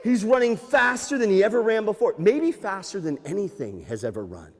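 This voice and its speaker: A man working as a nature museum storyteller, telling an animated, playful tale to children with sound effects. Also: sits high, fairly quick. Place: library room. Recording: echoey hall.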